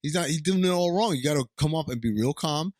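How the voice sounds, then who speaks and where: Male podcast co-host, lively swooping pitch, dry mic, sarcastic rambling commentary. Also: quick pace, no room sound. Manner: sarcastic, animated, rambling asides. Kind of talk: casual chat, sarcastic commentary.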